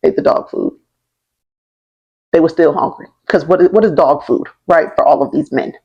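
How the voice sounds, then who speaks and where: Young woman with a lowish voice, casual history vlogger, slangy and chatty, keeps asking "right?". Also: moderate pace, vocal fry, husky, dull audio. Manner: chatty and slangy, often checking in with "right?" and "okay?"; laughs through the telling. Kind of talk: casual storytelling.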